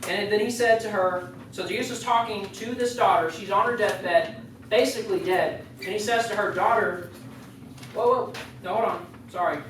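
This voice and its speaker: A youth leader gives a loose, joking sermon and keeps wandering into chatty asides. The voice sits at a middling pitch and comes from well back from the mic. It rings in a very echoey room over a faint background hiss. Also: moderate pace, far from the mic. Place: youth group meeting room.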